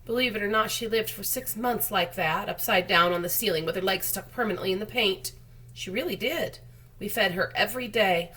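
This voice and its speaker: A woman doing a gentle tearful lady spider. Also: mid-range voice, brisk, husky. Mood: sorrowful. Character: kind, sorrowful female spider.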